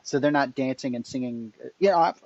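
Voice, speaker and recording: A man's voice: mid-range voice, brisk, darkish tone, dry recording, dull audio. A man playing a tabletop game, with dry, wry banter. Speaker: player.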